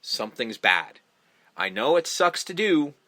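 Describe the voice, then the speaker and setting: A man talks through a film in a loose, profane way, jumping into quick voices for the characters. His tone is bright and forceful. The sound is dry and close to the mic. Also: a little high, vocal fry, dry recording. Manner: profane, animated, acts out scenes in voices. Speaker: podcast co-host. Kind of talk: casual movie review chat.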